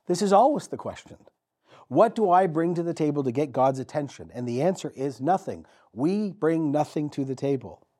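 A man preaching a sermon as pastor, telling the story vividly with dramatic pauses and repetition. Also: mid-range voice, a little mellow, breathy edge.

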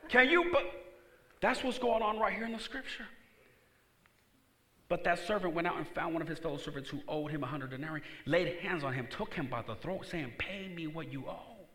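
Animated preacher with a bright, cutting tone who reads scripture aloud and gets the room to call back. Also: male voice, fairly high pitch, fairly quick, roomy sound. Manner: animated, swings from quiet asides to loud emphatic outbursts; reads scripture aloud and calls on the congregation to respond. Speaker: pastor. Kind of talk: sermon.

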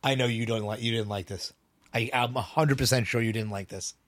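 A man co-hosting a podcast, chatting casually about songs with rambling restarts, swearing often, his voice hoarse and worn out. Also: medium pitch, steady tone, fairly quick, fairly bright tone, no echo. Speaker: podcast co-host. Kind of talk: casual chat about music.

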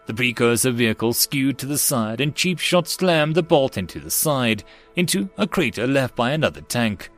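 Male audiobook narrator, steady even read, mid-pitched, faint music under him. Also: moderate pace.

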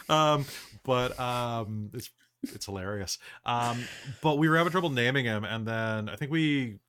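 A man's voice: mid-range voice, measured pace, fairly bright tone, clean tone. A man hosting a casual podcast chat as game master, rambling with lots of fillers and restarts.

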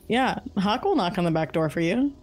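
A woman playing a tabletop game in a dry, deadpan, mock-polite manner. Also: medium pitch, brisk, faint music behind. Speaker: player. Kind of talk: casual tabletop play.

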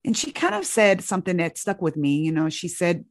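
Low woman, earnest storyteller, dry close sound, physician recounting a patient. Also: sing-song, fairly quick, few pauses, dry recording. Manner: earnest, searching, with many restarts. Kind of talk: reflective storytelling.

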